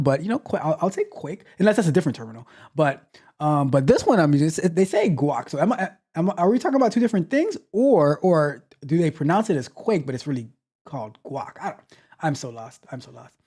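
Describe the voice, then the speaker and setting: On a tech livestream, a male host with a somewhat mellow voice on the high side chats casually. He reads viewer comments aloud and teases them playfully, speaking loosely and repeating phrases.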